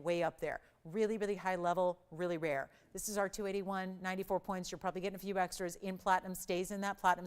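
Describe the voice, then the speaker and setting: A woman hosting a live shopping channel jewelry show, giving an enthusiastic, chatty sales pitch. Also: clear, resonant tone.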